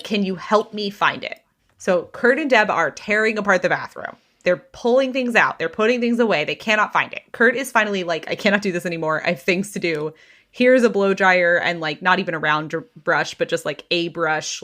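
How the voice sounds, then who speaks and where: A woman in her thirties hosting a podcast, retelling a gossip story with lively quoted voices. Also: lowish voice, normal speed. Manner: animated retelling, acting out quotes. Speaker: podcast host.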